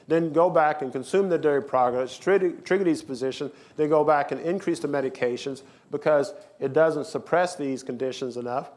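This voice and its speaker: A man's voice: a little high, darkish tone. Emphatic male doctor lecturing. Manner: emphatic, repetitive, rhetorical lecturing. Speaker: physician giving a lecture. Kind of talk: health symposium lecture. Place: lecture hall with slides.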